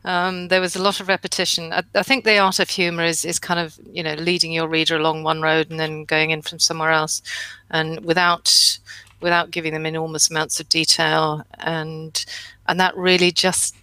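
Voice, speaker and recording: Bright-voiced woman giving measured critique. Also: low-pitched, flat delivery, clean tone, no room sound, rough recording. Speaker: publishing guest panelist. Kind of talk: critiquing a manuscript in panel chat.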